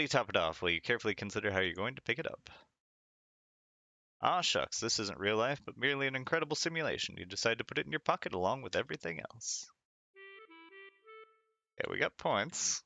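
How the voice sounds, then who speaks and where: Gravelly, bright-toned man playing a retro game. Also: lowish voice, dry recording. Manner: reads game text aloud and laughs often. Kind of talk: casual game commentary.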